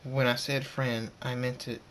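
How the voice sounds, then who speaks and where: A mysterious male pony stranger in a storybook, as a man reads him in his own voice. He is calm and cryptic. He answers in short, unhurried lines. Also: medium pitch, a little hiss or hum, natural voice.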